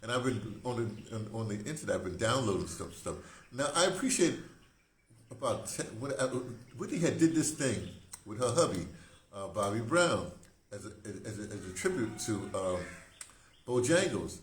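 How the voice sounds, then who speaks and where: A man's voice: lowish voice, sing-song, moderate pace. A man around seventy, hosting a rambling, casual monologue, often breaking off and circling back mid-thought. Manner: digressive, self-interrupting, conversational. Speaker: host. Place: room, indoors. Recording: echoey room with faint hiss.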